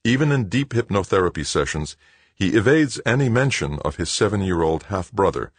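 A man narrating an audiobook in a measured, dramatic storytelling manner. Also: deep voice, sing-song, breathy edge, dry recording. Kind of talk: scripted narration.

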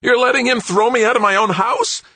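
A petulant, sullen grown son, put on by a male audiobook narrator, whining in a voice pitched far above the narrator's own. The tone is husky, and it rises sharply as he protests. It is close-miked in a dry space. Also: brisk, pushed and bright, no room sound, full character voice. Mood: aggrieved. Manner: whiny, voice climbing high in protest. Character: young adult man, sullen, petulant son.

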